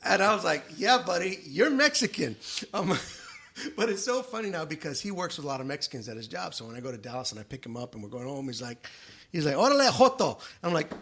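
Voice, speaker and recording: A middle-aged man hosting a podcast, chatting casually and bringing his stories alive by acting out the people in them. His voice sits a little high for a man. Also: fast talker, slightly rough. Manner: animated, acts out quoted voices in his stories. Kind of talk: casual storytelling chat.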